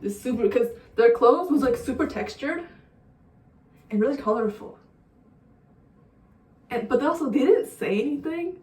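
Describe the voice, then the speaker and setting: A woman's voice: high voice, expressive, normal speed, long pauses, a little mellow. A young woman vlogger telling a rambling, profane story in a casual storytime way. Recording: roomy sound, distant mic.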